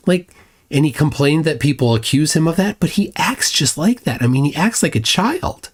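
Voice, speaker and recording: A man's voice: a little high, expressive, moderate pace, husky. Blunt, mocking man on a livestream. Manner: sarcastic, with many restarts. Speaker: livestream host. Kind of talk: livestream commentary, reading viewer chats.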